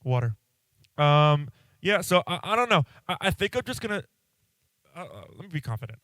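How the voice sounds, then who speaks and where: A man's voice: a little high, sing-song, normal speed, a bit bright, no echo, low-quality recording. A young man hosting a casual solo podcast, rambling and candid, swearing freely with lots of fillers. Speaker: podcast host. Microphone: audio interface microphone.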